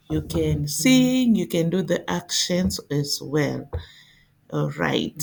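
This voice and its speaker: A woman teaching a phonics lesson to young children, speaking clearly and repeating letter sounds for them to copy. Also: lowish voice, a little mellow. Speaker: English teacher.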